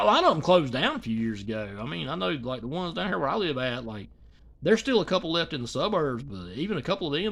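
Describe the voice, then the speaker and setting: A man's voice: high-pitched, vocal fry, sharp tone. A man rambling in casual reaction commentary, swearing and full of fillers.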